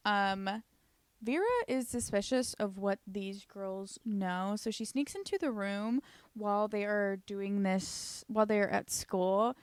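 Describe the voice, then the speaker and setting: A woman talking through a show recap in a loose, chatty way. She swears and uses "like" a lot, and her voice sits at a middling pitch. The sound is close and dry, with no room around it. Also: clear, resonant tone, no room sound. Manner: chatty, swears freely, lots of "like" fillers. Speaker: YouTube recap host. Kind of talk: casual comedic show recap.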